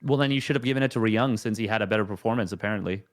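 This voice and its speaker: A man's voice: lowish voice, very fast. A man in a casual esports chat, ranting heatedly and swearing freely.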